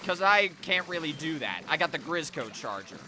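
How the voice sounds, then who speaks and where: A man's voice: on the high side, very animated, moderate pace, noisy background. A young man giving live gameplay commentary as a streamer, chatty, reacting to the game and talking to his chat.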